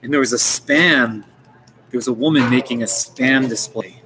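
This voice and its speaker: An American man talks casually to his livestream viewers from a coffee shop. His speech rambles, full of fillers and false starts, in an ordinary mid-pitched voice. Faint café ambience murmurs in the background. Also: moderate pace, background noise. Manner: rambling, chatty, with frequent restarts and fillers. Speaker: livestream host.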